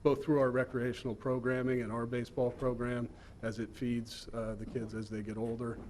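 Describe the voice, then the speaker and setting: A man's voice: medium pitch, little pitch movement, normal speed, a little mellow, slight background noise. A man reporting to a city commission, polite and upbeat, with some hesitant fillers.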